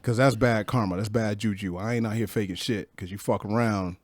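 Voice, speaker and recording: A man's voice: on the low side, a little fast, no echo. Slangy man in his fifties telling stories. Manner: slangy, profane, animated storyteller. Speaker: podcast guest. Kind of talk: casual storytelling. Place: podcast studio.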